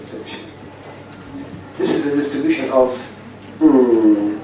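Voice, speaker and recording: A man's voice: mid-range voice, unhurried. A man with an Egyptian Arabic accent giving a university phonetics lecture, repeating points and drilling the class in a blunt manner. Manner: repetitive, drilling students, blunt. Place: large lecture hall. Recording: very echoey hall, distant mic, faint hiss.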